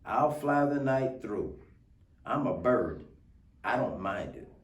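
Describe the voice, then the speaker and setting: A man's voice: on the low side, big pitch swings, slow, highs cut off. A man voicing a smug, mean male eagle who sneers and brushes others off. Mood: sneering. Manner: sneering and dismissive. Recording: roomy, distant mic.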